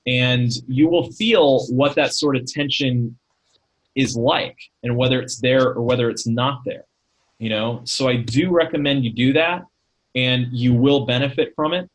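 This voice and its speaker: A man, a talent manager, giving casual advice on pitching in a webinar over a video call, talking conversationally with many fillers and rhetorical questions. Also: a little slow, poor audio. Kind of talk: casual instructional talk.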